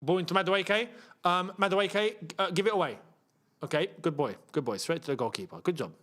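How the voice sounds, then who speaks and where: A young man hosting a live football watchalong, chatting to his viewers and reacting loudly to missed chances. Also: sits high, fairly quick. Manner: excitable, shouts at missed chances, banters with chat. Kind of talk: live match watchalong commentary.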